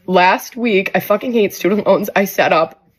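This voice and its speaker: A woman's voice: mid-range voice, moderate pace, breathy edge. Exasperated swearing woman venting. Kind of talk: casual social media vent.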